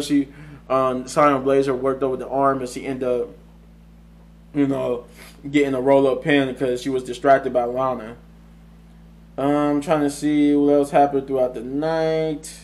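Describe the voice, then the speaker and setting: Man rambling through a flat-toned recap. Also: medium pitch. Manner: rambling, frequent restarts and self-corrections; chuckles often while recounting. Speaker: wrestling show reviewer. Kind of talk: casual solo review recap.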